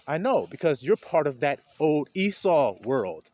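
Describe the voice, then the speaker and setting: A street preacher with a high, lively voice gives an informal video sermon outdoors among trees, talking directly to his viewers. He speaks slowly with frequent pauses, his pitch swinging up and down before rising to a loud preaching tone. It sounds as if he's holding a phone while walking.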